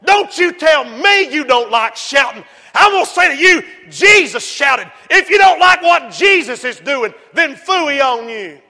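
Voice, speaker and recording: High, bright-voiced shouting preacher. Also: male voice, lively intonation, unhurried, hardly any pauses. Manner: hollers and whoops, swings between shouting and low asides. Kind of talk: shouting sermon. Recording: long hall reverb.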